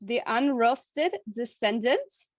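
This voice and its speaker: A woman's voice: a little high, animated, slow. A woman guest in a casual group video chat, playful and teasing.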